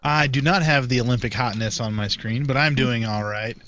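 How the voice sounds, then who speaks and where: A man's voice: medium pitch, moderate pace, fairly bright tone. A man in a casual beer chat, cracking playful jokes. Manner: playful, joking. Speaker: guest. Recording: lo-fi online call with chatter behind.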